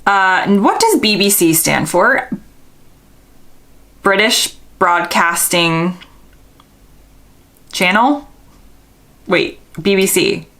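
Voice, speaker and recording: A woman's voice: mid-range voice, sing-song, very slow, pauses often, a bit bright. A young American woman vlogger, casually thinking aloud and second-guessing herself while answering quiz questions. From United States.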